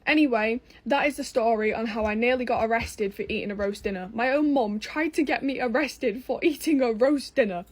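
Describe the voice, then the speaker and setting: A woman's voice: on the high side, a little fast, hardly any pauses. A young woman with an English accent telling a personal story in a casual, blunt way, swearing freely, exasperated and amused.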